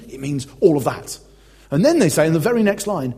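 A man's voice: on the high side, big pitch swings, brisk, dark tone, slightly rough. A man preaching a conversational, emphatic teaching sermon as a pastor. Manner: conversational, emphatic, reads quotes aloud.

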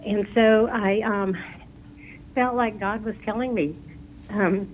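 A woman's voice: medium pitch, fairly even intonation, slight background noise, rough recording. Hesitant woman caller losing her voice. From Texas. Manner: hesitant, halting, many fillers.

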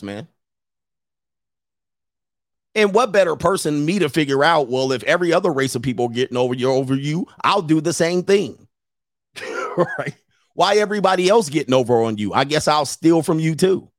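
A man's voice: a little high, no echo, studio quality. A man, scolding and mocking in a ranting commentary monologue, laughing often. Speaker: commentary host.

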